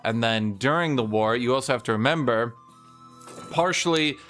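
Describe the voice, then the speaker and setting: A man's voice: medium pitch, fairly bright tone, soft background music. Profane, opinionated male streamer. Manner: mimics historical nations in quick asides. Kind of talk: casual livestream rant while gaming.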